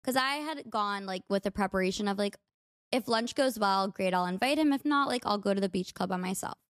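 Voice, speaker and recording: A young woman with an American accent chats her way through a story, upbeat and full of "like". Her voice sits at an ordinary middle pitch. The sound is dry and close, with no room echo. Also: a little fast. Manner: chatty, peppered with "like", upbeat. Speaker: podcast host. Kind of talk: casual storytelling monologue.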